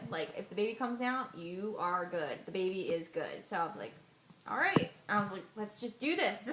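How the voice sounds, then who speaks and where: Chatty young woman in an echoey room. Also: mid-range voice. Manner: animated retelling with quoted dialogue, laughing often. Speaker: vlogger. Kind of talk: casual storytelling. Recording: echoey room, faint noise.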